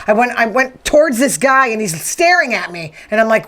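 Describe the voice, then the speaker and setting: Podcast host, woman, 50s; talky and opinionated, pitched a bit high. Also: animated, fairly quick, few pauses, fairly bright tone. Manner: chatty, opinionated, rambling. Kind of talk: casual monologue.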